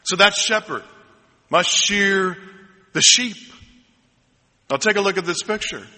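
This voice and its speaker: A pastor preaching with a very bright, somewhat high voice. He tells a story slowly, then builds to ringing, repeated lines. A long reverb from the church sanctuary trails his words. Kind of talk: sermon.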